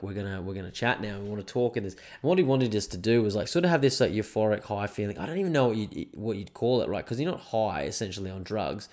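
Laid-back, swearing Australian guy. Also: on the low side. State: stuffy with hay fever. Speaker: podcast host. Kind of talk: casual solo podcast chat.

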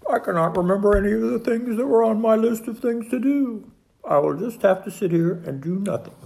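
A reader voicing a fussy, anxious male toad in a storybook read-aloud, pitched high and crying out in alarm. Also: brisk, gravelly, lightly acted. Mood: glum. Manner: excitable, cries out in high alarm.

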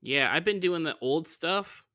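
A man's voice: fairly high pitch, animated, unhurried, sharp tone, dry recording, clean studio sound. A man hosting a comedy podcast who questions his guest in an incredulous, exasperated way. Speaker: podcast host. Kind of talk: improvised comedy podcast sketch.

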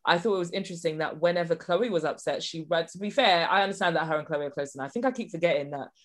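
Woman, podcast host, quick, lowish voice, chatty and rambling. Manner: rambling, chatty, lots of restarts. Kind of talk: casual chat.

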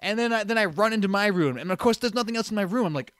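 A young man spins a long, rambling story, stumbling over restarts and acting out the lines of others. His voice sits slightly high for a man. The sound is dry and close, with no room to it. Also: animated, rapid-fire, fairly bright tone, dry recording. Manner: rambling, many fillers and restarts, acts out quotes. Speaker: storyteller guest. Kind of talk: casual storytelling.

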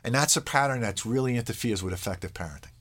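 A man speaking as a parenting expert explains things in a conversational interview, talking fast in a mid-range, slightly bright voice. He checks in with his listener with "all right?" and briefly acts out lines from kids and parents.

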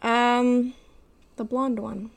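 Higher-voiced woman with a gravelly edge. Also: flat delivery, extremely slow. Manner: laughs easily, reacts with surprise. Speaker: podcast co-host. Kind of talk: casual chat.

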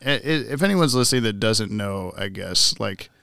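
A young man hosts a casual podcast with a smooth, resonant voice. He rambles, corrects himself and laughs easily. The sound is dry and close. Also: lowish voice, lively intonation, normal speed, bright, forceful tone, no echo. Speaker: podcast co-host.

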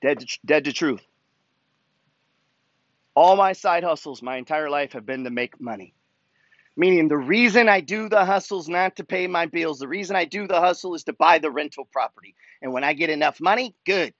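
In a muffled, echo-free recording, a man with a fairly high, slightly bright voice speaks at a moderate pace. He hosts a money talk show, reading emails from followers and delivering a fired-up, pushy motivational rant with constant swearing.

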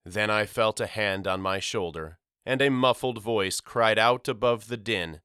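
A man narrating an audiobook in the first person, with measured, somber storytelling. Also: lowish voice, pushed and bright, clean tone, dry recording, clean studio sound.

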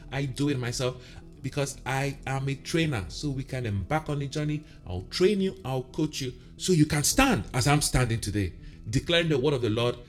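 A man preaching as a pastor on a podcast, emphatic and shifting between loud declarations and softer asides. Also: fairly high pitch. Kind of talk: podcast sermon.

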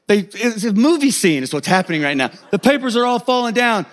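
A man preaching a sermon as a pastor, telling a personal story in an animated, humorous way. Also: high-pitched, a little fast, hardly any pauses.

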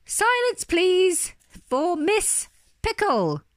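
A woman's voice: sits high, very animated, unhurried, no room sound, studio quality, voice pushed up. A woman voicing a grand, theatrical female toy hippopotamus in a storybook reading. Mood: grandly announcing. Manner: pompous, theatrical announcer.

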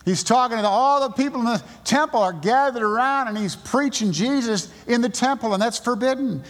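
A male pastor with a Southern US accent, preaching a sermon and driving his points home with emphatic high bursts. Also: brisk. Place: church sanctuary. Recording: long church reverb.

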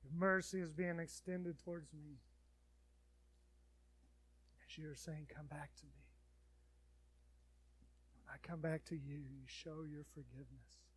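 A man preaching a sermon as pastor, swinging between loud urgent appeals and quiet pleading, then leading a prayer. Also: fairly high pitch, steady tone, unhurried, pauses often, husky.

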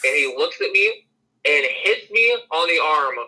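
Husky, bright-voiced young man telling a story. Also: on the high side, measured pace, poor audio. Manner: animated storyteller who swears freely. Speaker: podcast co-host. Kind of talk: casual storytelling.

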